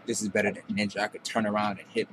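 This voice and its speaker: A man's voice: fairly low pitch, level tone, rapid-fire, very noisy. A young man giving casual, profane trash-talking commentary while playing a video game. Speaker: gameplay commentator.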